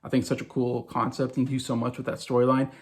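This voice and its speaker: A man's voice: mid-range voice, completely flat delivery, very fast. A man in his forties ranking his favorite movies in a casual vlog, gushing and rambling with fillers and restarts. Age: 40s. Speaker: movie vlogger.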